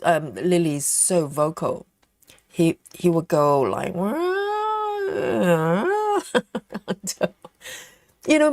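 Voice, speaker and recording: A woman's voice: on the low side, gravelly, darkish tone, dry recording. A woman hosting a live stream in casual, chatty talk, reading out and answering viewer comments with frequent laughs.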